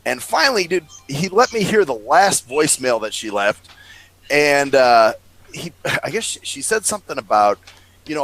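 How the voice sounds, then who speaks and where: A man's voice: mid-range voice, normal speed, rough recording. A man co-hosting a podcast, telling a story in casual chat, acting out the people in it and swearing freely. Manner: animated storyteller, acts out quoted voices. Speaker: podcast co-host.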